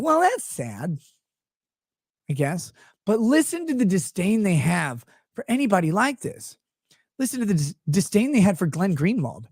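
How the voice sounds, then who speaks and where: A man's voice: high voice, darkish tone, no room sound, clean studio sound. Sarcastic, crude male show host. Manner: slips into mocking impressions of others. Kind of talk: profane live-stream rant.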